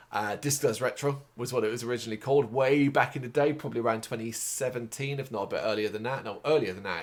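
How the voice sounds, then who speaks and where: A tired man hosting his own video, talking unscripted and wandering off on tangents, with casual swearing and plenty of fillers. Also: mid-range voice. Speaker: host of a music and games review site.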